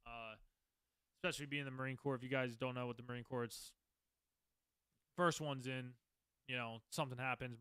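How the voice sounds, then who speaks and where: A man's voice: mid-range voice, bright, forceful tone, clean tone, no echo. A man in his twenties hosting a podcast, telling his own story in a rambling, candid, profane way. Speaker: podcast host. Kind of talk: casual storytelling.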